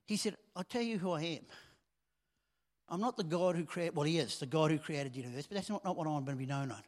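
A man preaching a sermon in a conversational way that swells into loud emphasis. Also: a little high, quick pace. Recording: long hall reverb.

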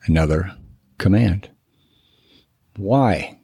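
Low mellow guy preaching on counseling, earnest, hammers key words, dry sound. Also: normal speed, breathy edge, no echo. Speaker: biblical counselor teaching. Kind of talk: teaching sermon.

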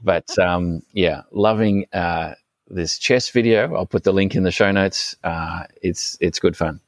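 A very low-voiced man chatting on a podcast. He talks in a thoughtful, meandering way, full of ums and uhs. The sound is close and dry, with no room around it. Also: measured pace, dry recording. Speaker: podcast co-host. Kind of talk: casual chat.

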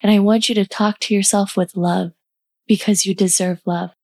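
A woman hosting a self-care podcast, guiding listeners through affirmations in a warm, encouraging, casual way. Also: mid-range voice, steady tone. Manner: slow deliberate pacing on repeated affirmations. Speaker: podcast host.

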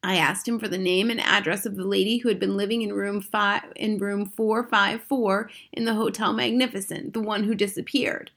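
A woman reading aloud, voicing a calm, wise older grandmother who speaks slowly, softly and with measure. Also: mid-range voice. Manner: slow, soft and measured.

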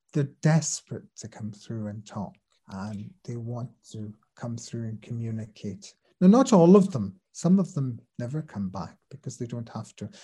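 A man, a spirit medium and teacher, telling stories and explaining his work in an earnest interview conversation. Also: mid-range voice. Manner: earnest, explanatory, drops soft when quoting others.

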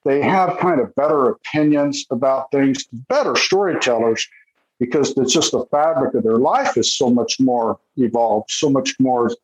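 A man telling stories from his interviews in a casual chat, lively and quick to act out what people said. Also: echoey room, highs cut off. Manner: animated, jumps into high voices when quoting people. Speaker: author recounting interviews with golfers.

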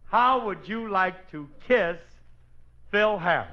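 A man hosting a 1940s radio comedy as a brash, fast-talking showman. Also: sits high, very animated. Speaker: comedy show host and bandleader. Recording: dull lo-fi old radio with band music.

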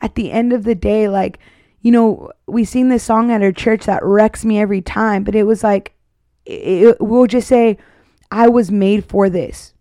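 A young woman in her twenties speaks her testimony in a loose, heartfelt ramble, full of fillers. Her voice is mellow and relaxed, and the recording is close and dry. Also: medium pitch, normal speed, no room sound. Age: 20s. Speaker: podcast host. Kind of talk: casual faith testimony.

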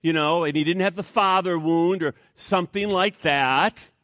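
Emphatic pastor preaching. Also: male voice, on the high side, normal speed, a bit bright, dry recording, clean studio sound. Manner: emphatic, conversational preaching with rhetorical questions. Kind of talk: sermon.

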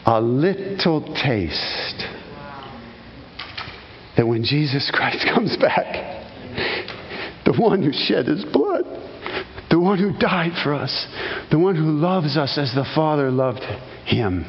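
A male pastor preaches in a voice pitched a little high for a man, animated in his storytelling and hushed when he prays. His sermon rings with a long reverb through a hall. The recording sounds somewhat dull, with faint noise underneath. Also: slow pace, pauses often. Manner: animated storytelling, exclaims loudly, then hushed prayer.

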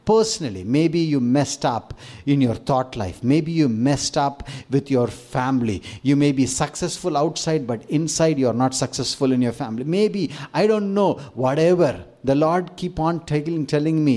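A man's voice: on the high side, moderate pace, warm tone. A man preaching a sermon as pastor to his church family, earnest, repeating phrases and building lists with rising emphasis.

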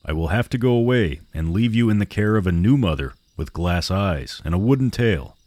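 Male narrator doing a sad mother pleading with her naughty children for a spoken horror tale; low and dry. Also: lively intonation, normal speed, darkish tone, no echo, natural voice. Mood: sad warning. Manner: pleading, sorrowful. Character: worried, sad mother warning her daughters.

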